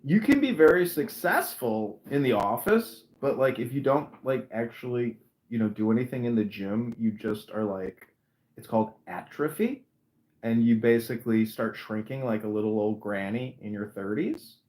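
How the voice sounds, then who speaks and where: A man's voice: medium pitch, expressive, normal speed, a little mellow, poor audio. A young adult man hosting a podcast, chatting casually in a rambling, self-dramatizing and crude way. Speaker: podcast host. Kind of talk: casual chat.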